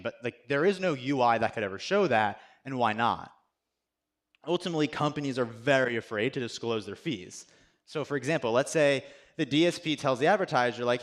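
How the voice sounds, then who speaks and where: A man's voice: mid-range voice, lively intonation, normal speed, fairly bright tone. Young engineer guy on stage, casual talk, says like a lot, pokes fun at himself. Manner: chatty, self-deprecating, heavy use of "like". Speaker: software engineer giving a tech talk. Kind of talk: casual conference presentation. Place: conference stage.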